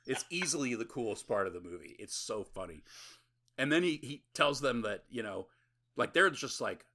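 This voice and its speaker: A man co-hosting a podcast recaps a horror movie in loose, rambling, profane chat, laughing often. His mid-range voice is animated, bright and forceful, moving at a moderate pace.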